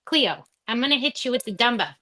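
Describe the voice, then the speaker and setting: A woman's voice: on the high side, animated, brisk, sharp tone. A woman leading a live home workout class, counting reps and cueing breaths in a chatty way, with asides to her dog. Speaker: fitness instructor.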